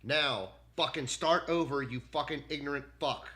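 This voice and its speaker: Furious swearing man, bright edgy voice. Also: fairly high pitch. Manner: furious, constant swearing, spells out names slowly. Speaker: gamer venting at an AI chatbot. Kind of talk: angry casual rant.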